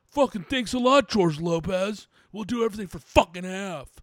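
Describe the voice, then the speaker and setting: A man's voice: high voice, lively intonation, normal speed, dry recording, studio quality. A man voicing a bitter, foul-mouthed middle-aged man who rants and keeps raising his voice. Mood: ranting. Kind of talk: comedic character rant.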